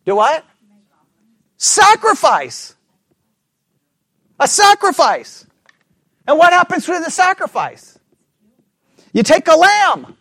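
A man delivering a sermon with emphasis, putting rhetorical questions to his listeners and sometimes dropping to a hushed, low delivery. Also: big pitch swings, slow pace, pauses often, no echo, studio quality. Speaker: preacher.

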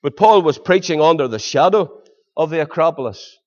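A man's voice: a little high, expressive, moderate pace. A man preaching a sermon, pleading with his listeners through earnest rhetorical questions. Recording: dull lo-fi sermon recording.

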